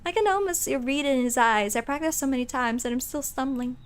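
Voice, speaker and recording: A woman streaming a game, reading its text aloud and chatting excitedly with her chat. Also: high-pitched, fairly quick, clean tone. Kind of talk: live game commentary.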